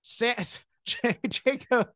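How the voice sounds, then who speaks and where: On a dry recording, a woman with a fairly high, slightly bright voice speaks extremely slowly as a podcast co-host. She chats casually about wrestling comedy, laughing often as she breaks down scenes.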